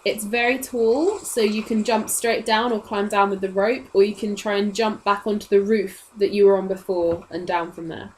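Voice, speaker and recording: A woman's voice: medium pitch, fairly even intonation, normal speed, few pauses, darkish tone, rough recording. A woman, narrating casually as the game master of a tabletop game. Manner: casual, chatty, laughs often.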